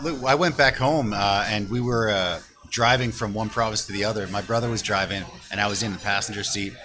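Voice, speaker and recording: A man's voice: lowish voice, brisk. A man from Canada hosting a casual chat, telling stories in a laid-back way, peppered with "dude" and "man". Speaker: host. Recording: music playing behind.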